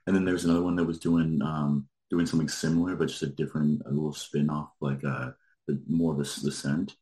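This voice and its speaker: A man with an extremely low, deep voice, chatting casually and rambling through a story with lots of filler words. He sounds like he's in a roomy, echoey space. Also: flat delivery, quick pace, dark tone. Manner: rambling, lots of likes, laughs while telling. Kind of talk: casual chat.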